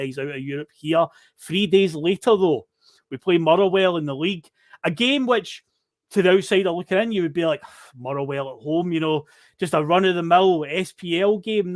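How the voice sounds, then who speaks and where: A man's voice: a little high, dry recording. Scottish man recapping football, dry mic. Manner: storytelling recap, conversational. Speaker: podcast host. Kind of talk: casual football chat.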